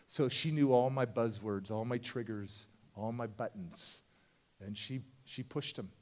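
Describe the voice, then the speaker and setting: A motivational speaker telling a personal story at a conference, acting out the people in it and swinging between hushed and loud. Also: male voice, medium pitch, unhurried. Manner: acts out voices of people in his story, swings from hushed to shouting. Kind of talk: dramatic storytelling keynote. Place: large conference hall.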